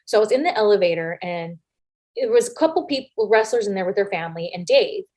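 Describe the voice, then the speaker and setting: Animated woman telling wrestling stories. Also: mid-range voice, fast talker. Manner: animated, acts out quoted lines with big voice shifts; frank, swears casually. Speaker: interview guest, former wrestler. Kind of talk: casual storytelling anecdotes.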